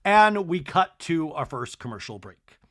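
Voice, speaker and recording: Animated gossipy man recapping TV. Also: on the high side, unhurried. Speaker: podcast host. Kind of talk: comedic reality-TV recap.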